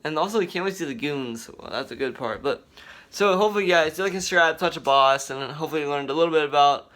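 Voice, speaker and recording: A man hosting a casual commentary vlog, talking in an excited, rambling way with many fillers and restarts. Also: on the high side, quick pace. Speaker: vlogger.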